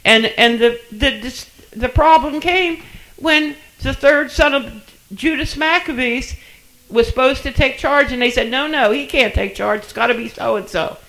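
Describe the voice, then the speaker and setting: Slow, emphatic older man preaching. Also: very high voice, low-quality recording. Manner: slow, emphatic, dropping to soft asides. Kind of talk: sermon.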